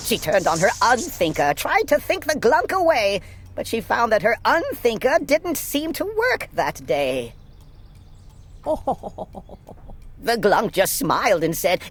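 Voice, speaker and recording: An older woman reads a rhyming children's story aloud with a teacher's care. Her voice sits a little high and swoops dramatically through every line. She keeps the storytelling animated and expressive throughout. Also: a little slow, long pauses, a little hiss or hum.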